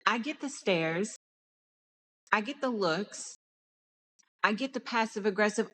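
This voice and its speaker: A woman's voice: medium pitch, animated, unhurried, long pauses, bright, forceful tone. Podcast host: young woman from Dallas, Texan accent, candid, passionate monologue, frequent restarts. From Dallas, Texas. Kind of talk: personal monologue.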